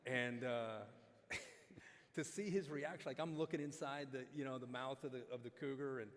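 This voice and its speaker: A man telling a lively story as a guest speaker at a dinner event, acting out the quotes. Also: medium pitch, moderate pace. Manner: animated, acts out quotes. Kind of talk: storytelling on stage. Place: large hall at a dinner event. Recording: long hall reverb.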